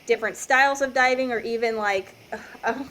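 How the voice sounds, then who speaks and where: A woman's voice: a little high, fairly quick, fairly bright tone, slight background noise, poor audio. A woman dive instructor joining a casual round-table chat, rambling and hesitant and saying "like" constantly. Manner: rambling, hesitant, heavy use of "like".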